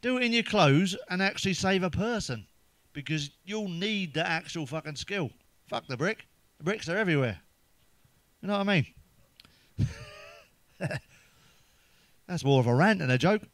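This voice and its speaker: A middle-aged man delivers crude stand-up jokes, swearing freely and chuckling at his own lines. His voice sits a little high for a man and sounds dry and close, with no room echo. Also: lively intonation, normal speed, long pauses, a bit bright. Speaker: stand-up comedian.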